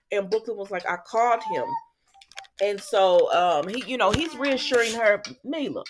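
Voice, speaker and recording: A woman's voice: medium pitch, lively intonation, moderate pace, noisy background. A woman hosting a casual soap opera recap, chatty and sassy, talking back to the characters.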